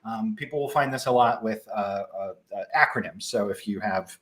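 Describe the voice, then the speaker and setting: A young man with a Midwestern accent, casually presenting a live software tutorial with frequent ums and restarts. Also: on the low side, moderate pace. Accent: Midwestern American.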